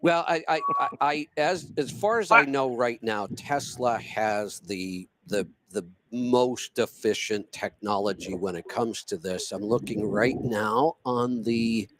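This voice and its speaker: A man's voice: medium pitch, unhurried, hardly any pauses, noisy background. A man hosting a live stream, talking casually and repeating words as he thinks aloud. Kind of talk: casual talk show chat.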